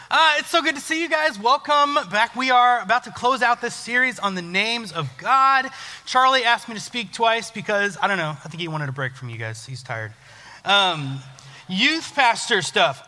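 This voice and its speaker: A man's voice: high-pitched, normal speed. A young adult man, a youth pastor, giving a casual, joking sermon in a church hall. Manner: joking, self-deprecating, lively storytelling. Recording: long church hall reverb.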